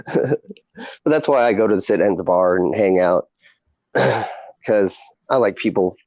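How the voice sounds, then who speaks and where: A man's voice: sits low, a little slow, no room sound, lo-fi sound. A man hosting a casual chat, rambling with many fillers and frequent laughs. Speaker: podcast host and streamer.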